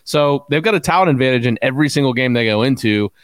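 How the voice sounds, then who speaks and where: Man, podcast host, smooth clean voice, dry close sound, measured analytical talk. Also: medium pitch, expressive, no room sound. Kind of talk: casual sports podcast chat.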